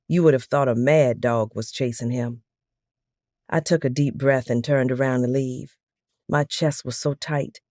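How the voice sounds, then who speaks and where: A woman with a low, warm voice reads a first-person audiobook in a steady, unhurried way. The recording is dry and close. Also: dry recording. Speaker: audiobook narrator.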